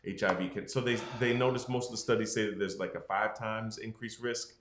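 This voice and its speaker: Low-voiced male doctor explaining frankly. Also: steady tone, a little fast, fairly bright tone, echoey room, a little hiss or hum. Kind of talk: health podcast conversation.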